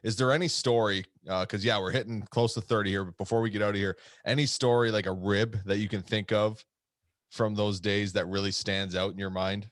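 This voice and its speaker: A man's voice: fairly low pitch, fairly even intonation, fairly quick, no echo, studio quality. A man hosting a podcast, asking questions casually and laughing often. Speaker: podcast host. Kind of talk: casual interview chat.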